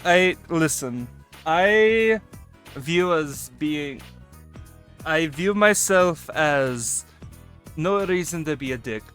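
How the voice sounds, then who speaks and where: A man's voice: fairly high pitch, lively intonation, drawn-out words, pauses often, a bit bright, soft background music. Laughing streamer man in a character voice. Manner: talks in a put-on character voice he uses for his persona; laughs often, swears freely. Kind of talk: casual live-stream chat.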